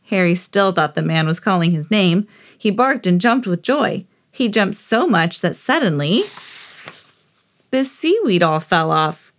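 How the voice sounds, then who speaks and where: A woman hosting a podcast, reading a children's picture book aloud in an expressive storytelling voice. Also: unhurried. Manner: expressive, jumps high for quoted characters. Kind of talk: read-aloud storybook narration.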